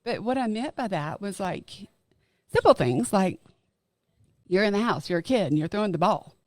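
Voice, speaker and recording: A middle-aged woman talking as a podcast guest, earnest and emphatic, slowing down to stress her key points. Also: medium pitch, lively intonation, a little mellow, no echo, clean studio sound. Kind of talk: casual chat.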